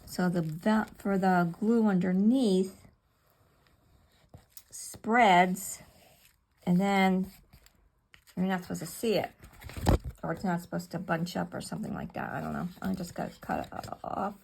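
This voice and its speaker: Casting note: middle-aged woman, crafting at home, mutters to herself, husky with some vocal fry. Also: on the low side, measured pace, long pauses, a little mellow. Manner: muttering to herself, chatty asides. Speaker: paper crafter. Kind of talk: casual talk while crafting.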